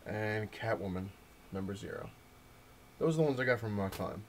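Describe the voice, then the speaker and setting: With a fairly low pitch, lively intonation, and some vocal fry, a man talks fairly quickly to camera about his comic shop trip and the comics he bought. He's at home indoors, telling it loosely with lots of fillers and restarts, over slight background noise.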